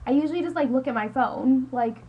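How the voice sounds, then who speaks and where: A brisk, high-pitched, slightly rough voice comes through with lo-fi sound as a teenage girl vents into her home webcam. This high school vlogger is exasperated and all over the place, with "like" in almost every sentence.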